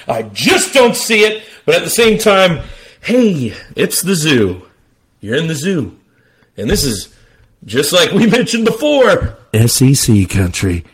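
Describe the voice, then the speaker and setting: A man hosting a sports talk podcast, hyped and theatrical, breaking into shouts. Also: sits high, very animated, slow. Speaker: podcast host.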